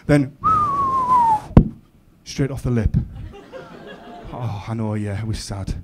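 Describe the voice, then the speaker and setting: A man in his thirties with a Middlesbrough accent doing a stand-up comedy routine, telling an animated, sweary story with big swings in pitch and loudness. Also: slow pace, heavy background noise. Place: comedy club stage.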